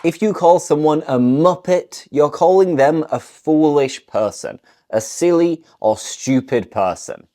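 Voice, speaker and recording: Low-voiced, unhurried British woman teacher. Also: lively intonation, dark tone. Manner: playful, explains then models example phrases. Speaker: English teacher. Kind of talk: scripted language lesson to camera.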